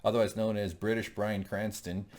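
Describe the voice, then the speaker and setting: A man co-hosting a TV recap show in casual chat, rambling and jokey, with lots of fillers and quick laughs. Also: lowish voice, flat delivery, darkish tone.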